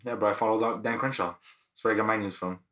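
A man's voice: fairly low pitch, steady tone, fast talker, sharp tone, reverberant. A man co-hosting a podcast, telling stories in loose, profane, slangy casual banter. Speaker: podcast co-host.

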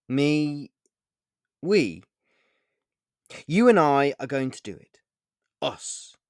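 A man reading a short story aloud, voicing a mysterious, sincere man in black who speaks in a calm, assured, gently insistent way. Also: on the high side, dry recording, studio quality, voice pushed up.

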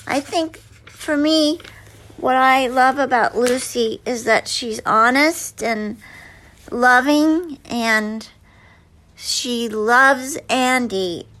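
A woman's voice: high voice, drawn-out words, a bit bright. A woman actress answering interview questions in a chatty, hesitant way with many fillers and restarts. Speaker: actress guest.

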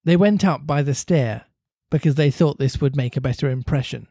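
A man's voice: moderate pace, no echo, clean studio sound. A man reading a classic children's novel aloud to a co-host, lifting his voice for character lines. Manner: animated reader, lifts pitch for character lines. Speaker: reader and co-host.

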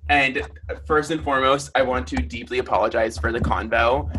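A man's voice: mid-range voice, steady tone, normal speed, sharp tone, a little hiss or hum. A young man co-hosting a casual podcast, talking in an easygoing, rambling way with lots of fillers. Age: young adult. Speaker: podcast co-host.

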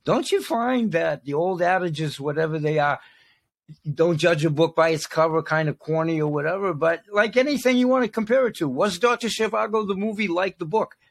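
A man's voice: high voice, brisk, creaky. An older man hosting a podcast interview, rambling in loose chat with tangents and frequent restarts. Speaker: podcast host.

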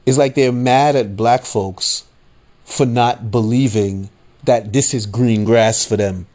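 A man's voice: mid-range voice, steady tone, slow pace, darkish tone. A man hosting a podcast, ranting casually with lots of swearing and repeated "you know what I'm saying.". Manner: mocking voices he quotes, laughing at his own points. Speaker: podcast host. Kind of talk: casual political rant.

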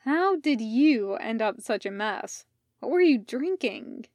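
A woman reading as a sensible young man, a fussing best friend with a mildly patronizing edge. Her voice sits fairly high, and the pace is slow and measured. The sound is dry and close. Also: expressive, darkish tone, dry recording. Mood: concerned.

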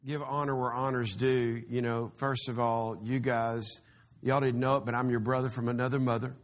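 A man with a Texan accent preaching a live sermon as a guest preacher, folksy and chatty, now and then bursting into loud exclamations. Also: mid-range voice, flat delivery, normal speed.

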